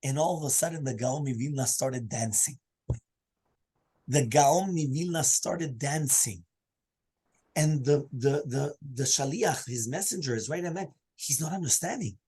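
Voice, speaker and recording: A man teaching a Torah class as a rabbi, telling stories with big swings in pitch and loudness. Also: moderate pace, hardly any pauses, husky, rough recording. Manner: animated storytelling with swinging pitch and volume.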